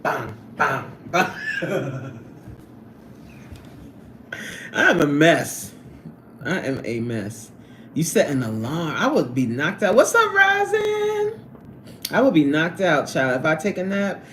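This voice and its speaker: A woman hosting a casual livestream from her workplace on a lunch break, reading out chat and laughing often in an animated way. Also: a little slow, echoey room, a little hiss or hum. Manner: animated, laughs often, swoops up high when excited.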